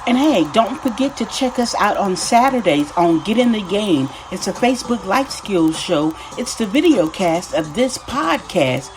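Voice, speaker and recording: Against a noisy background, a Texas life coach with a Southern accent hosts her podcast in a sing-song, mid-range voice. She moves at a moderate pace with hardly any pauses, staying enthusiastic and folksy and repeating her greetings throughout the upbeat monologue.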